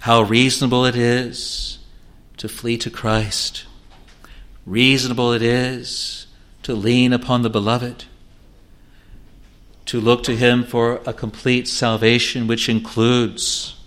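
A man's voice: mid-range voice, level tone, slow pace, pauses often, fairly bright tone. A male preacher delivering an evangelistic sermon with earnest, pleading appeals.

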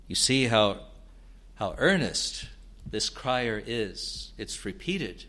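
Male preacher, mid-pitched and measured, slowly unpacking scripture with earnest force. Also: lively intonation, bright, forceful tone. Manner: slow, deliberate, with earnest rising emphasis. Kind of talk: expository sermon.

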